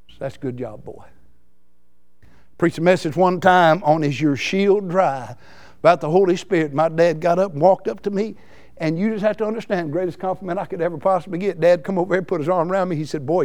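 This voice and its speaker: A man preaching a folksy, excitable sermon. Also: on the high side. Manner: excitable, folksy, laughs between lines.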